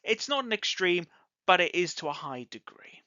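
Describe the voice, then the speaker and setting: A teacher giving an English grammar lesson, speaking slowly and enunciating clearly. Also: medium pitch, sing-song, bright, forceful tone, no echo, highs cut off.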